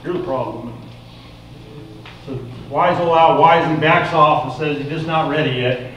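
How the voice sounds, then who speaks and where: Folksy preacher in an echoey hall. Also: male voice, a little high, normal speed, lo-fi sound, a little hiss or hum. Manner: folksy, animated storyteller. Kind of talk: sermon storytelling. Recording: echoey room, mic far off.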